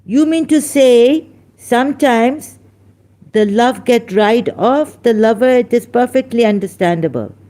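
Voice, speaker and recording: Angry, slow-talking debate host. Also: mid-range voice, mellow. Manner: scolding, rhetorical questions, emphatic. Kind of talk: heated religious debate.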